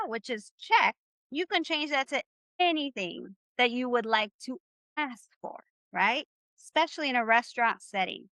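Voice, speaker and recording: Leading a live online Spanish lesson, this woman gets the class repeating phrases in call-and-response drills, staying upbeat and encouraging throughout. She has a bright, forceful, fairly high voice and the audio has no echo.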